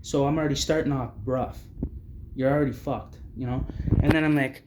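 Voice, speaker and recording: A man's voice: medium pitch, steady tone, brisk, a little mellow, echoey room. A man telling his own story of homelessness in blunt, agitated speech full of swearing. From Canada. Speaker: vlogger recounting homelessness. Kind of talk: angry personal testimony.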